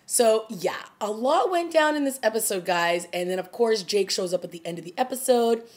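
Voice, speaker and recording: A young woman casually reviewing a TV episode as a vlogger, animated and chatty, often laughing and acting out lines from scenes. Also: on the high side, normal speed.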